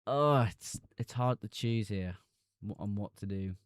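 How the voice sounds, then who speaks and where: A young man livestreams, reading chat messages out loud and replying casually. His voice is fairly low and a little mellow, with fairly even intonation and a moderate pace. The recording is dry, with clean studio sound.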